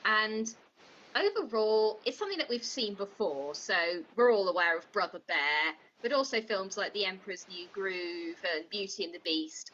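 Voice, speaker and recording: A woman co-hosting a comedic podcast as the prosecutor, critiquing a film in an opinionated, sharp-tongued way. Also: medium pitch, dull audio, a little hiss or hum.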